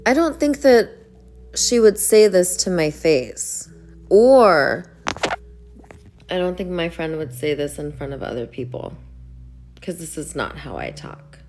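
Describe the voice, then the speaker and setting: A woman talking to her viewers in a casual vlog, reading an email aloud slowly and then speaking in earnest affirmations. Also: on the low side, very animated, darkish tone, a little hiss or hum. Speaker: online creator reading out an email.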